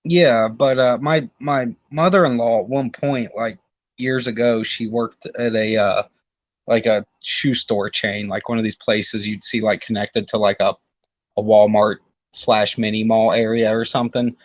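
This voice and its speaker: A man's voice: lowish voice, fairly even intonation, unhurried, no room sound. Male podcast co-host, easygoing jokester, dry lo-fi mic sound. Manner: laid-back, joking, rambling asides. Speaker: podcast guest. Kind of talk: casual podcast chat.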